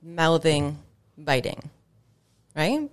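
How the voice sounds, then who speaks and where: Woman, co-host, casual podcast chat, short agreeing remarks, very low pitch. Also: very animated, extremely slow. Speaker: dog trainer and co-host.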